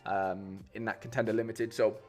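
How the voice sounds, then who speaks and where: A man's voice: lowish voice, little pitch movement, moderate pace, warm tone, soft background music. A man chatting casually on a live stream, rambling with lots of fillers and restarts and calling his viewers "mate". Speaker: streamer building fantasy football lineups.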